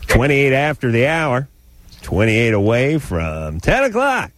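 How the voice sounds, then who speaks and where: A man's voice: mid-range voice, very animated, a little slow, no echo. A man putting on a crude, blustering radio DJ announcer voice. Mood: mock-angry. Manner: mock announcer patter, crude.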